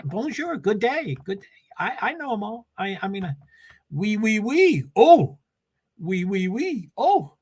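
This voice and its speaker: A man's voice: sits high, a bit bright. Rambling older man on a laptop stream. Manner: chatty and scattered, reading viewer comments aloud. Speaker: livestream host. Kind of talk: rambling casual livestream chat.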